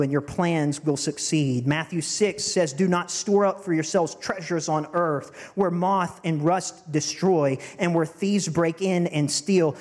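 A man's voice: fairly high pitch, a little mellow. A man in his thirties, a pastor preaching a heartfelt sermon and speaking earnestly to the congregation in a church. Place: church sanctuary. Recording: reverberant church hall.

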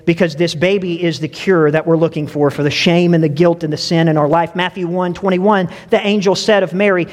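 A young male preacher with a lilt and a noticeably high voice. He talks to the congregation in a conversational way and keeps asking them questions. His words echo with a long tail through a church hall. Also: steady tone, fairly quick, hardly any pauses. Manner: conversational, addresses listeners directly with questions. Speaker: pastor. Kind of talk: sermon with personal stories.

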